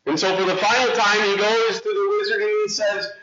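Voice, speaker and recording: A male pastor delivers a sermon in a chatty, animated storytelling way. His voice sits high and sounds bright and forceful. The recording is dull and lo-fi. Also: fairly quick, slight background noise.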